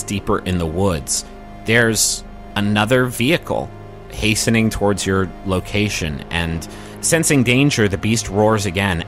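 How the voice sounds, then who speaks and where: Low-voiced man narrating as game master. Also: a bit bright. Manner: storytelling with frequent ums, quick asides.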